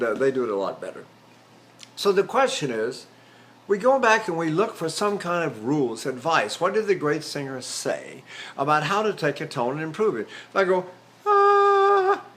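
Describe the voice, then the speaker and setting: With a medium-pitched, fairly bright voice, an older tenor teaches a voice class, explaining technique and demonstrating by singing syllables and vowels. His speech includes fillers and restarts.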